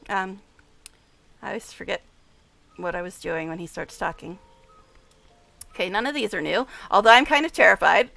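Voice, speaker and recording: A woman streamer chatting casually over her gameplay, giggly and talkative, with hushed asides. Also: mid-range voice, vocal fry, no room sound, rough recording. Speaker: streamer playing a game.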